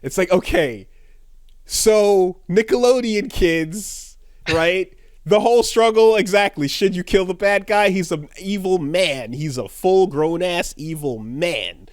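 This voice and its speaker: A man's voice: high-pitched, takes it slowly, dry recording, studio quality. A man co-hosting a casual podcast chat, acting out scenes with sudden shrieks and laughter. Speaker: podcast co-host.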